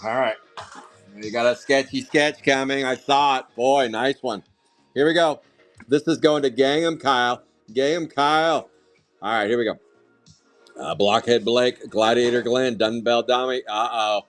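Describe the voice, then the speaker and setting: A man hosting a live trading card break, calling out pulls with loud, excitable, jokey hype. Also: medium pitch, unhurried. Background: faint music.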